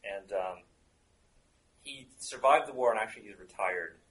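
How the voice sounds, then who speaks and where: A man's voice: lowish voice, moderate pace, a bit bright, rough recording. A man running a tabletop role-playing game as game master, chatty and often stopping to search for words.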